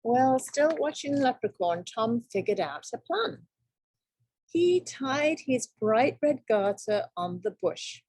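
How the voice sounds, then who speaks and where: A woman teacher reading a picture book aloud to children, telling it in an expressive, dramatic way. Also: fairly high pitch, slow, slightly rough, no room sound.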